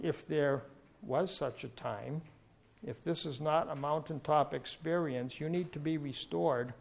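A male preacher with a notably high voice delivers a sermon. He tells his story earnestly and builds to fervent, emphatic appeals. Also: unhurried, gravelly, breathy edge.

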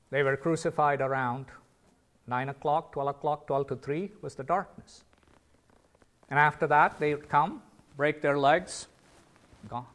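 A man preaching a sermon, earnest, with sudden loud emphatic calls. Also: fairly high pitch.

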